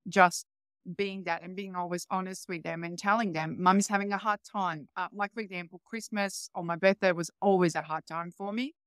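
A woman in her forties with a Croatian accent speaks English as a second language, giving earnest, reflective interview answers. Her voice is low and smooth, recorded dry and close. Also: steady tone, a little fast, no echo. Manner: earnest and reflective, non-native grammar. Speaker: podcast guest, healer coach.

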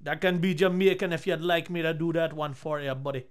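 A man hosting a gaming channel, chatting casually with friends while playing, excitable and prone to shouting and laughing. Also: a little high, a little fast, background noise.

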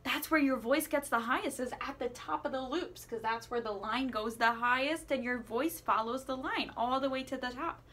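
A woman teaching children a playful singing lesson, asking questions and encouraging them as she swoops her voice high and low. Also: moderate pace, hardly any pauses, a bit bright. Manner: encouraging, asks the listener questions. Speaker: music teacher.

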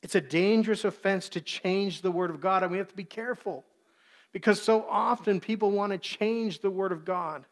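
Guy preaching, earnest, kinda high voice, acts out quotes now and then. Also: normal speed. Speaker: pastor. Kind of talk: sermon.

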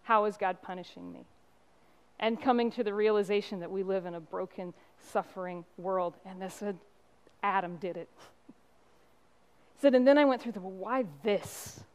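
A woman's voice: mid-range voice, clean tone. Impassioned woman pastor preaching. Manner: impassioned preaching with storytelling and emphatic pauses. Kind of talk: sermon.

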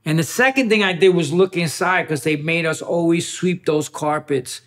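A man's voice: on the high side, moderate pace, fairly bright tone. A man telling a personal story as an interview guest, acting out quotes and knocking sounds. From New York City.

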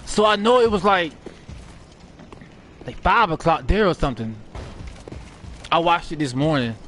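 A man's voice: on the high side, expressive, measured pace, a bit bright, a little hiss or hum. A man doing live gameplay commentary, trash-talking and cursing at enemies while he plays. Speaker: gaming streamer.

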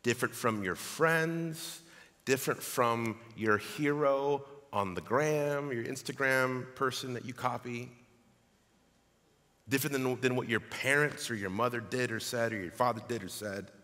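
A man preaching a sermon as pastor, reading scripture aloud in an animated way. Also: medium pitch, measured pace. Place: church sanctuary. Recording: long hall reverb.

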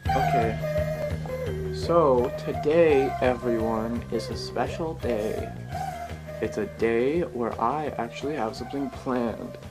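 A man's voice: mid-range voice, slow pace, music in the background. A man from Alberta with a Canadian accent, chatting casually to camera and reading a list of words aloud with little asides. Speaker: vlogger.

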